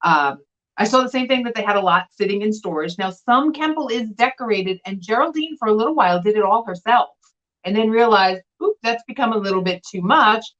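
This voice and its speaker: A woman's voice: medium pitch, fairly quick, dull audio. Chatty woman showing vintage glass. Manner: chatty, animated, showing items to camera. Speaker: vintage glass seller and co-host. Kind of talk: casual live-stream chat.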